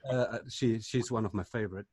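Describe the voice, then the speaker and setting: A man's voice: lowish voice, fairly even intonation, darkish tone, slightly rough, dry recording. Hesitant man asking a question, dry sound. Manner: hesitant, halting non-native English. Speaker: audience member asking a question. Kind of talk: conference Q&A question.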